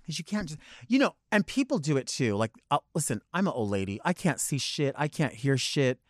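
A man, a drag performer, chatting casually on a podcast. He tells animated stories, acts out quotes and swears freely. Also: a little high, a little fast, no room sound, clean studio sound.

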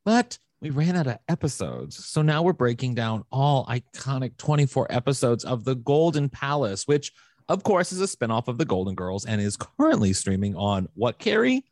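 A man co-hosting a casual podcast, playful and camp, swooping high on emphasis. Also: very animated, moderate pace, a little mellow, dry recording, studio quality. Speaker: podcast co-host.

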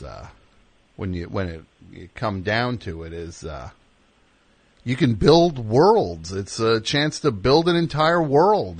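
A man's voice: on the low side, no room sound, voice pushed down, heavily acted. A man putting on the voice of a pompous, pontificating animation pundit. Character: pompous self-important male animation pundit.

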